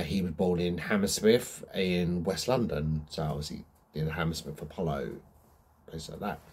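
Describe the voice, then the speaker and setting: A man's voice: fairly low pitch, a little mellow, husky. A young man hosting a true crime channel, explaining a case in a casual, rambling way full of ums and asides.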